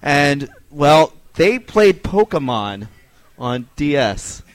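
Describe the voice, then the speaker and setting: A man's voice: a little high, very animated, takes it slowly, dry recording. A man in his twenties, guest on a podcast recorded in a bar, joking and swearing in casual banter. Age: 20s. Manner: joking, swearing, self-deprecating.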